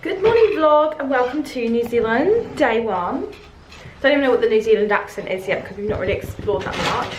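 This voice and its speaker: A young woman chatting casually in a travel vlog, bubbly and quick to laugh. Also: on the high side, animated. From United Kingdom. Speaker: travel vlogger. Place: hotel room. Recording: echoey room, faint background noise.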